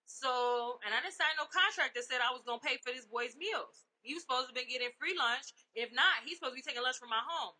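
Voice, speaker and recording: A woman's voice: fast, few pauses, low-quality recording. Brassy middle-aged woman ranting. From South Side of Chicago. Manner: animated, profane, swinging between loud outbursts and low asides. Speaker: podcast host. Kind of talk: comedic rant.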